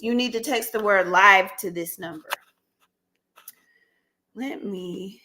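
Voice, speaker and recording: A woman's voice: fairly low pitch, measured pace, pushed and bright. A woman hosting a casual live stream, chatty and laughing often, talking aside to her dog.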